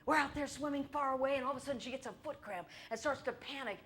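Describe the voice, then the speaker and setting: A woman's voice: sits high, fairly bright tone, a little hiss or hum. Wry, irreverent middle-aged woman storyteller. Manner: wry, irreverent comic storytelling with crude asides; acts out her own past voice in quick bursts. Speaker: solo show performer. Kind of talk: autobiographical stage monologue. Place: theater stage.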